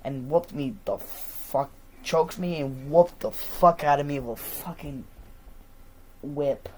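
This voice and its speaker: A man's voice: on the high side, slow, a little mellow, slight background noise. Rambling, profane man with a stuffy nose. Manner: rambling, profane, lots of fillers. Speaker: vlogger. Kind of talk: casual rambling monologue.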